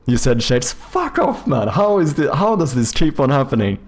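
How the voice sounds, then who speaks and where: A man's voice: mid-range voice, sing-song, moderate pace, a little mellow, soft background music. A young man, chatting casually with viewers while making a game on stream, rambling and joking with casual swearing.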